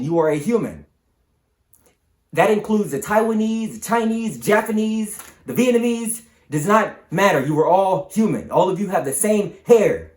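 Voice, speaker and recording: A high-voiced man whose pitch leaps up and down as he speaks. He talks straight to the camera in an insistent, preaching monologue, repeating his points again and again. His voice rings around a roomy, echoing space. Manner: emphatic, repetitive, preaching. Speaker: channel host.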